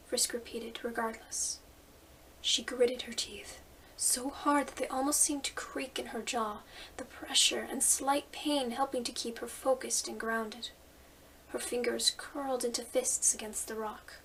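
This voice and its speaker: A woman reading a story aloud in a soft, hushed whisper, on a slightly distant mic. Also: a little high, fairly even intonation, measured pace, a little hiss or hum. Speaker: fanfiction reader.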